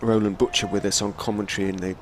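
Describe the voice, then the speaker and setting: Low-voiced male cricket commentator. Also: flat delivery, a little hiss or hum. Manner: measured, storytelling between deliveries. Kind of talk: live ball-by-ball cricket commentary.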